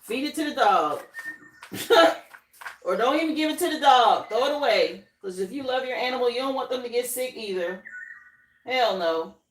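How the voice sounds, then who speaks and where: A woman's voice: on the high side, expressive, moderate pace, roomy sound, slight background noise. A woman who grew up in Miami, doing a live tarot reading in a casual, drawling way, often asking "okay?". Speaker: tarot reader.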